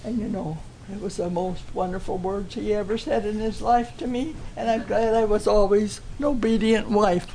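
A woman's voice: medium pitch, fairly even intonation, moderate pace, hardly any pauses, dark tone, a little hiss or hum. A woman giving an earnest, emotional personal testimony to a church gathering.

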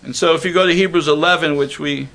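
Male preacher, slightly high gravelly voice, chatty sermon delivery with questions. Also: fairly even intonation, quick pace, a bit bright. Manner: conversational, asks the congregation questions.

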